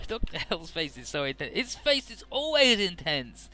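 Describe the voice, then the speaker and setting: A man's voice: high-pitched, sing-song, moderate pace, few pauses, pushed and bright, faint music behind. A man giving casual, irreverent and profane Let's Play commentary, paraphrasing game dialogue sarcastically.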